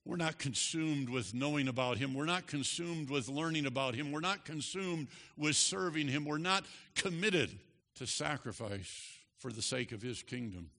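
A man preaching a sermon, moving from quiet emphasis to loud, passionate preaching. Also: on the high side, lively intonation, moderate pace, big-room sound.

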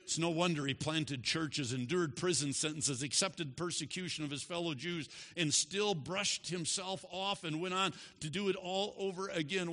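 A man preaching a sermon with emphatic, drawn-out stresses and big swings in pitch and loudness. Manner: leads the congregation in repeating a statement.

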